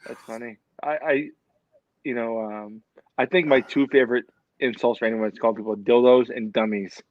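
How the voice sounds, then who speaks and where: Halting, rambling man on a dull mic. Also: mid-range voice, steady tone, no room sound. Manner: rambling, halting, casual swearing. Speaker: podcast co-host. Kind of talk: casual chat.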